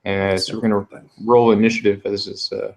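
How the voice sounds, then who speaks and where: A man running a tabletop game as game master, describing scenes with many pauses and fillers. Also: lowish voice, flat delivery, creaky, a little mellow. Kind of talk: narrating a tabletop game online.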